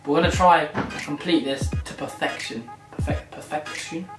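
A young man chatting excitably and joking through a challenge vlog. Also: on the high side, normal speed. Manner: excitable, chatty, jokey self-commentary. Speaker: YouTuber. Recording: echoey room with loud music behind.

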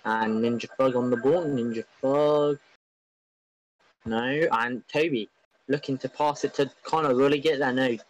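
A man giving excitable, rambling, openly biased live commentary on an online football match. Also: mid-range voice, a little slow, low-quality recording.

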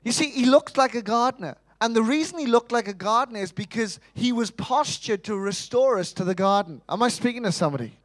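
A man preaching a sermon in church, animated, asking rhetorical questions and acting out quotes. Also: very high-pitched, brisk, hardly any pauses.

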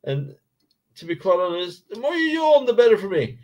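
A man hosting a casual live stream while building a model kit, excitable, self-mocking and swearing freely. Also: high-pitched, normal speed.

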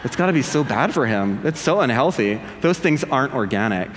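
A man's voice: mid-range voice, lively intonation, brisk, slight background noise, pitched below the performer's own voice, lightly acted. A man voicing a judgmental churchgoer, mock-shocked and scolding. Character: judgmental health-conscious churchgoer, scoffing. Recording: long hall reverb.

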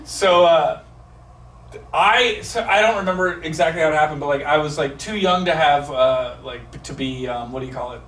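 A man telling a profane, animated comedy story on a theater stage, acting out the people in it. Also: a little high, normal speed. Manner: profane, animated, acts out voices. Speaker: stand-up storyteller. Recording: echoey live room, mic from a distance, background noise.

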